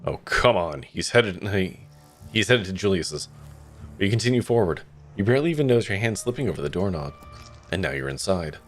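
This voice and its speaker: This man's low voice swings widely in pitch, and he talks a little quickly. He's streaming a narrative game, voicing the narration and cutting in with sardonic remarks and swearing, with soft music underneath.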